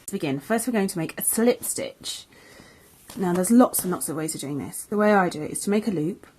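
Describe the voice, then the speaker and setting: A woman's voice: lowish voice, lively intonation, a little fast, darkish tone, husky. A young English woman, a crochet designer, teaching a beginner's tutorial in a chatty, friendly way that often corrects itself as she goes. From England. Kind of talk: casual tutorial.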